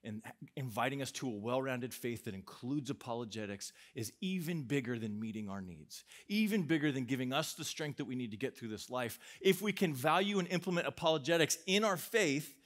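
A man preaching a sermon to young adults, passionate, asking rhetorical questions and swinging from emphatic bursts to low, quiet drops. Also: expressive, brisk. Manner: asks the audience rhetorical questions.

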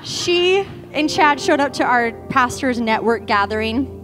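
A woman's voice: on the high side, expressive, unhurried. A young woman preaching as a guest in church, chatty and emotional, with many fillers. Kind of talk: conversational sermon. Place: church sanctuary. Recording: music playing behind.

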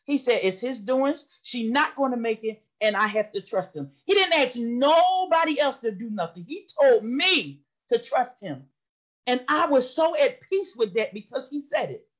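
A woman's voice: on the high side, very animated, moderate pace. A middle-aged woman sharing a personal testimony in an impassioned, storytelling way. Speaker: study session participant.

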